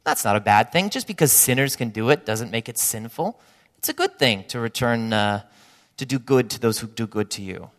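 A man preaching a sermon, animated and acting out imagined voices of his listeners. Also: medium pitch, normal speed, in a large hall. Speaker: pastor.

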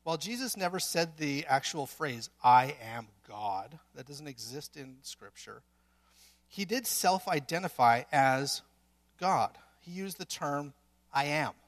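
A man's voice: fairly high pitch, expressive, measured pace, a bit bright. A man preaching a sermon in earnest, building to emphatic peaks with some restarts.

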